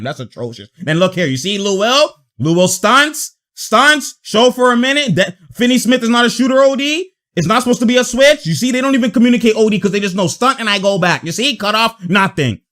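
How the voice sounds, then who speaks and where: A man talks through basketball footage in a loose, slangy commentary style. His voice sits high and swings widely as he reacts. He laughs often and calls out plays in quick bursts. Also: lively intonation, fairly bright tone. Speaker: basketball video analyst. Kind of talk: casual game-breakdown commentary.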